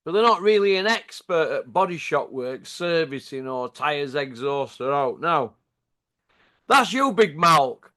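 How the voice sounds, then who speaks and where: A man's voice: a little high, expressive, a little slow, fairly bright tone. A man with a Yorkshire accent delivering a sarcastic, taunting rant to camera, full of rhetorical tag questions. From Yorkshire, England. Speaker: channel host.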